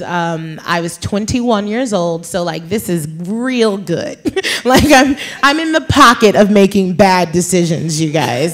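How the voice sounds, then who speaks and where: A woman in her thirties tells a story at a live author event, chatty and quick to laugh. She is from New York and speaks casually, dropping lots of fillers as she goes. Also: medium pitch. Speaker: author guest. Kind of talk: storytelling conversation on stage.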